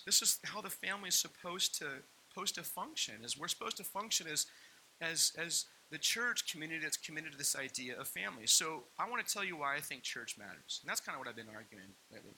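Man, pastor, sermon, playful storytelling, very bright tone, faint tape hiss. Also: mid-range voice, rough recording. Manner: storytelling with playful asides and voiced quotes. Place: church hall.

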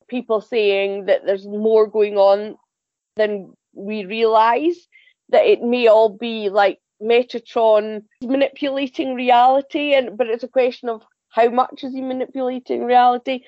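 A woman's voice: on the high side, steady tone, moderate pace, dry recording. Woman chatting tv on a podcast, bit dull sounding. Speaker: podcast contributor. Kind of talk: casual chat.

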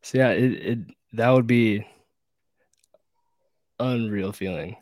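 A male host asking questions in a casual, excited way, cursing now and then. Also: lowish voice, takes it slowly, dry recording, studio quality. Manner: casual, excited, swears freely. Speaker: podcast host. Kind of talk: casual interview chat.

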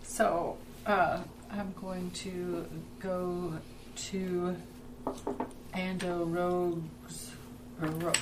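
A woman's voice: on the low side, level tone, drawn-out words, long pauses. A woman playing in a tabletop game, hesitant and questioning. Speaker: player. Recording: distant, noisy.

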